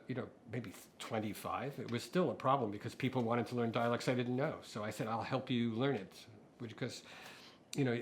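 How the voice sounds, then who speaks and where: A middle-aged man, a composer guest, telling stories in a relaxed interview, with frequent fillers and restarts. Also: mid-range voice, slight background noise. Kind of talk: conversational interview.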